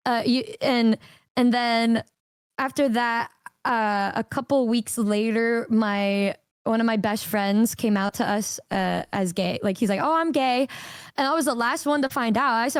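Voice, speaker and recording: A young woman telling a long personal story on a stream, animated and swearing casually, jumping into a higher voice for quotes. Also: a little slow, clean tone, no echo, studio quality.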